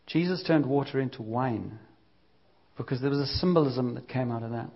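Lively preacher, lo-fi recording. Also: male voice, mid-range voice, a little fast, creaky, breathy edge. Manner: lively, conversational storytelling with acted-out quotes. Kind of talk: sermon.

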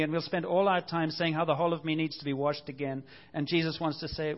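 A man's voice: a little high, flat delivery, quick pace, hardly any pauses, lo-fi sound. A man preaching a sermon as pastor, earnest and conversational, asking the congregation rhetorical questions.

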